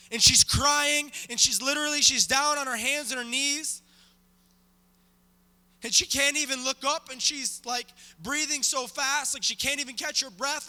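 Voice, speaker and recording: High-voiced male guest preacher, dramatic storyteller, booming church hall. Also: sharp tone. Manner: dramatic, acts out the story with volunteers. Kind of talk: sermon storytelling. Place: church sanctuary.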